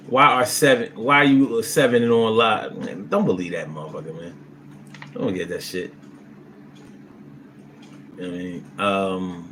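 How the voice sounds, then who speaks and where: A man's voice: medium pitch, a little hiss or hum. Blunt, profane man reading stream chat. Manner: blunt, profane, swings into loud animated bursts. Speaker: livestream host reading chat. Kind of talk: casual live-stream chat.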